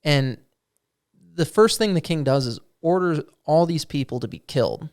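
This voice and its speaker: A man with a smooth, resonant voice chats casually as he recounts the last session he ran as game master. He tells it as a loose story and drops in quick lines in the voices of goblins and players. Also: fairly high pitch, expressive, a little mellow. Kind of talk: casual chat.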